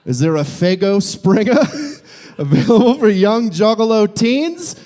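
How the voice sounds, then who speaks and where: A young man performing a live stand-up set in a brewery, animated and jumping into squeaky voices for his bits. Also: measured pace. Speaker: stand-up comedian. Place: brewery comedy show.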